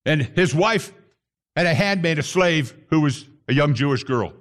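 Male preacher, fairly high-pitched, fervent sermon delivery with shouted peaks. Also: expressive, normal speed. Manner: impassioned, rising to shouts on key phrases.

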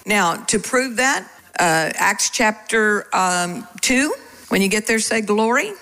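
Bright-voiced woman preaching with animated fervor. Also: medium pitch, measured pace, poor audio. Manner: animated, calls out to the congregation. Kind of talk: sermon.

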